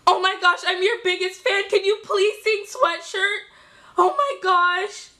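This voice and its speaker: A woman's voice: extremely high pitch, unhurried, bright, forceful tone, exaggerated voice. A woman putting on the voice of a hysterical teenage fangirl on the phone, breathless and over the top. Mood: gushing.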